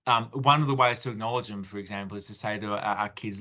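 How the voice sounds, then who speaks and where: A man's voice: on the low side, steady tone, fast, hardly any pauses, sharp tone. A man with an Australian accent giving a conversational parenting talk in a webinar, acting out parent-child exchanges with many fillers and restarts. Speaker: parenting speaker.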